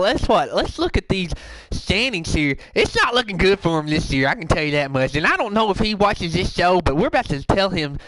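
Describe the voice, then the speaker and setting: A man's voice: sits high, fairly bright tone, a little hiss or hum, rough recording. A man playing a brash, bragging sports talk show host who delivers gossipy hot takes.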